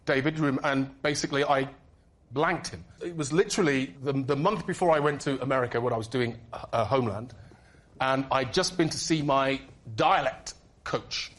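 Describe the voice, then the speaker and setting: A man's voice: medium pitch, normal speed. A man guesting on a comedy panel show, explaining his story hesitantly and defensively. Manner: defensive, hesitant under questioning.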